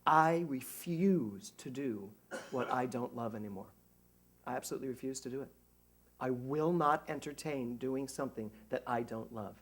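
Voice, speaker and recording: A middle-aged man, a minister, giving a conversational sermon to a congregation, animated and joking at his own expense. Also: medium pitch, moderate pace, husky. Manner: animated, jokey, self-mocking. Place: church service before a congregation.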